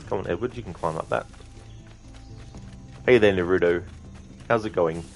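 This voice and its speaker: A man's voice: sits low, moderate pace, faint music behind. A young man streaming a game, chatting casually with viewers in a rambling way, with lots of ums. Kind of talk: casual live-stream gameplay chat.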